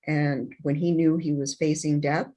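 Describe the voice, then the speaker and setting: In a low, mellow voice with a flat delivery, a middle-aged woman being interviewed works through a painful personal story. She stumbles emotionally, restarting and using lots of fillers.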